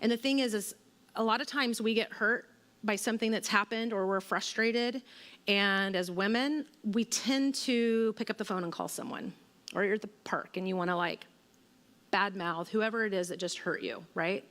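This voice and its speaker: Brief: woman, 40s, mid-pitched, casual church teacher, lingering hall reverb. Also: normal speed, fairly bright tone. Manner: conversational, relatable, with personal anecdotes and fillers. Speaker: women's ministry speaker.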